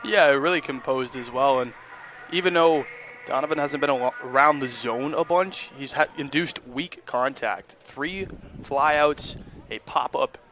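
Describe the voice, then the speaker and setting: Brief: male sideline reporter, mid-pitched, casual and friendly, interview and analysis. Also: measured pace, fairly bright tone, a little hiss or hum. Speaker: on-field reporter and color analyst.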